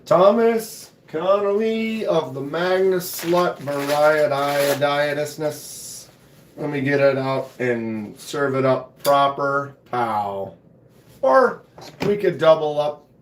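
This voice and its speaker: Hoarse man chatting on a live stream. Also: fairly high pitch, slow pace, roomy sound, a little hiss or hum. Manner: laid-back, chatty, clears throat often. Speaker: knife channel host. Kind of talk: casual live stream chat. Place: home knife room.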